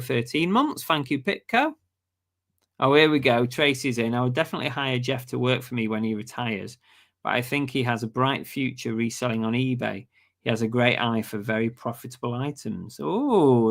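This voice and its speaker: A man's voice: medium pitch, vocal fry, a bit bright. Chatty British man reading chat. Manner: chatty, reads viewer comments aloud. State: losing his voice. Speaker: livestream host. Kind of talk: casual live stream chat.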